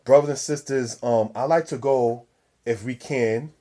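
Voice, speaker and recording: A man's voice: medium pitch, a little slow, dark tone. A man giving a scripture lesson, preaching style, repeating and stressing key words and calling his listeners brothers and sisters. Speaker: religious teacher.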